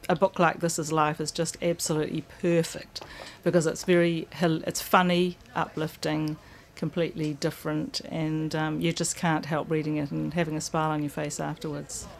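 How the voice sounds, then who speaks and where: Low, even-voiced New woman. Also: moderate pace, creaky, hardly any pauses. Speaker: bookshop owner. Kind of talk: recorded interview clip.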